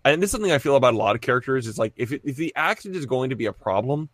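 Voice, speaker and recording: A man's voice: mid-range voice, lively intonation, very fast, no room sound, studio quality. A man co-hosting a casual movie podcast, explaining at length in an earnest way. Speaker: podcast co-host.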